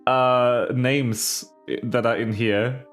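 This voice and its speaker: A man running the tabletop game, dropping quick asides and fussing over how names are pronounced. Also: medium pitch, steady tone, soft background music. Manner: quick asides, fussy about pronunciation. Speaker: game master. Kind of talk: casual table talk.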